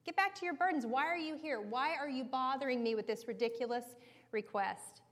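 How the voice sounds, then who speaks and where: A woman's voice: sits high, brisk, fairly bright tone, in a large hall. A woman voicing a dismissive, irritated male king of Egypt who talks in a scoffing, exasperated way.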